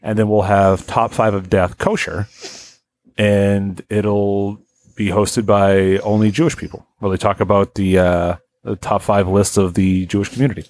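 A man's voice: fairly low pitch, level tone, a little slow, darkish tone. A man co-hosting a podcast in casual chat, wry and joking, rambling with fillers. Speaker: podcast co-host.

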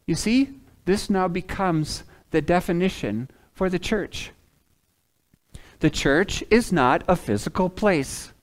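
A man preaching a sermon as a pastor, swinging from loud emphatic lines to hushed ones and acting out quoted speakers. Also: high voice, slow. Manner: acts out the prophet's and God's words in quoted asides.

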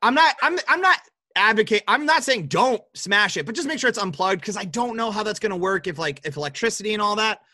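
This young Midwestern man co-hosts a podcast, trading casual, teasing, joking banter full of profanity. His voice sits high and expressive, he talks fast with a bright, forceful tone, and the studio recording is clean with no room sound.

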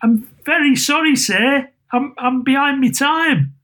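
Man doing a timid young clerk, high and stammering, apologetic. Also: unhurried, a bit bright. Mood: nervous.

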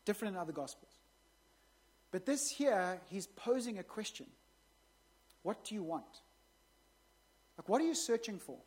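Woman, pastor, sermon, husky voice, chatty, joking asides. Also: mid-range voice, expressive, fairly quick, a little mellow. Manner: conversational, jokey asides to the congregation.

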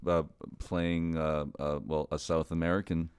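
A man with a very deep, low voice joins a casual movie debate. He speaks haltingly and searches for his words mid-sentence. The sound is dry and close to the mic. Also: flat delivery, smooth, no room sound. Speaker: podcast co-host.

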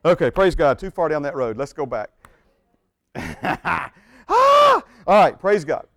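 A man's voice: on the high side, lively intonation, measured pace, no echo. Jokey folksy male pastor, dry close sound. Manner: folksy, jokey, interjects amen often. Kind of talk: informal church teaching.

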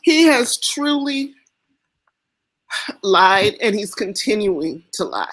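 An American woman speaking as an interview guest, impassioned and emphatic, with halting restarts. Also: medium pitch, sing-song. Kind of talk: emotional interview conversation.

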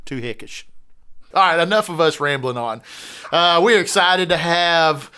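A man's voice: a little high, a little slow, pushed and bright, clear, resonant tone. A man co-hosting a podcast in casual chat, joking and rambling with lots of "uh" fillers. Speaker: podcast co-host.

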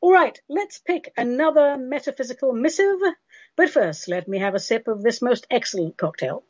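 This English radio host's voice is a little high and expressive, moving at a moderate pace with no room sound. She chats emphatically and casually through listener questions, giving spiritual advice, and the broadcast audio is dull and lo-fi.

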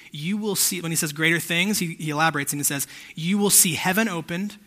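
Bright-voiced young man preaching casually. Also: sits high. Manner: conversational, checks in with listeners often. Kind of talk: casual sermon.

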